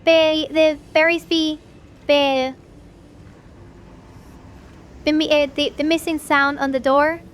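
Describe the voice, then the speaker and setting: A woman streamer wrapping up a live stream, gushing with excitement and tripping over her own words. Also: high-pitched, unhurried, a little hiss or hum. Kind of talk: livestream wrap-up chat.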